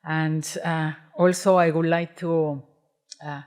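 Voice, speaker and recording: A Mexican woman, Spanish her first language, gives a lecture in an auditorium. Her voice sits slightly low. She talks in a halting way, with fillers and repeated starts. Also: little pitch movement, a little mellow. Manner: hesitant, many restarts and fillers. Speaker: guest speaker, independent curator. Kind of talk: lecture presentation.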